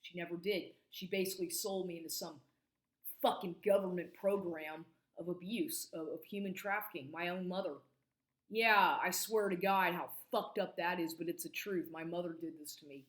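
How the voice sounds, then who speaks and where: A woman's voice: fairly low pitch, normal speed. A woman in her forties giving an agitated monologue to camera, swearing constantly and stumbling over restarts. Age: 40s. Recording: echoey room recording.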